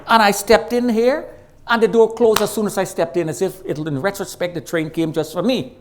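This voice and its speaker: A man's voice: steady tone, a little fast, soft background music. Man preaching a dramatic testimony. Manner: dramatic storytelling, shifts from loud and high to low and quiet; acts out quoted voices. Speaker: guest preacher. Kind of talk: sermon testimony storytelling. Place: church sanctuary.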